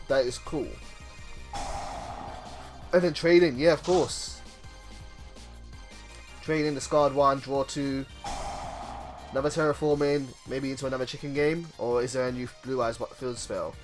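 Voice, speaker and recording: A man live-streaming a card game, chatting casually and reading card text aloud with excited reactions. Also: medium pitch, a little slow, long pauses, soft background music.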